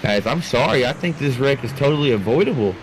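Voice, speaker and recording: An excitable man calls a sim race live, rambling through replays and turning to his producer with questions. His voice sits at a middle pitch. A faint hiss runs under the recording. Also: fast talker. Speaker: sim racing commentator. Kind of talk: live play-by-play commentary.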